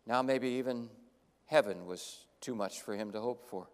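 A man's voice: mid-range voice, normal speed, big-room sound. A man preaching a sermon who tells the story dramatically and acts out the characters' lines. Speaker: pastor.

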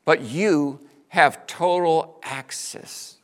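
A man preaching a sermon as pastor, swinging between hushed lines and loud shouted bursts, acting out his listeners in quotes. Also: fairly high pitch, extremely slow. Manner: acts out listeners' voices in quotes.

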